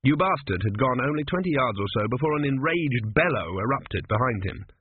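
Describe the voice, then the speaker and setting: A man's voice: mid-range voice, animated, fairly quick, slight background noise. A man narrating a comic fantasy audiobook in a dry, wry storytelling manner. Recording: tinny phone-like audio.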